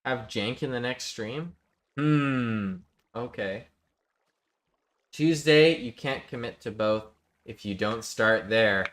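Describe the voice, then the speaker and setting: While live-streaming a building game, a man chats casually with his viewers, reading chat aloud and cracking jokes. His mid-range, fairly bright voice moves slowly, with long pauses.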